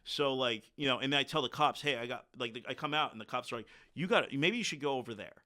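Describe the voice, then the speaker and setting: A middle-aged man telling a story casually as a podcast guest, animated and acting out the quotes. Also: medium pitch, fast.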